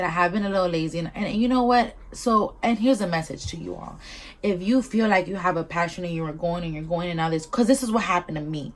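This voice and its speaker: A young woman with a Southern California accent hosts a solo podcast in loose, casual chat. She talks bluntly and swears freely, in a voice that sits a little low for a woman. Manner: blunt, profane and unfiltered. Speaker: podcast host.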